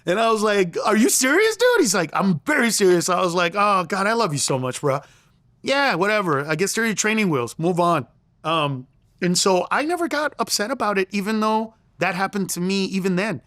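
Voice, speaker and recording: A middle-aged male comedian telling a story in an interview, animated and profane, acting out the voices he quotes. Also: sits high, a little fast, no echo, studio quality. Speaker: comedian guest.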